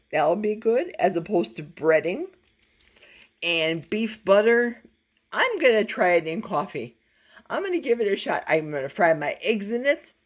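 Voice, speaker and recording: A woman chatting casually through an unboxing vlog, folksy and playful, with cheerful exclamations and handheld camera. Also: mid-range voice. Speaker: vlogger. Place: home in a forest.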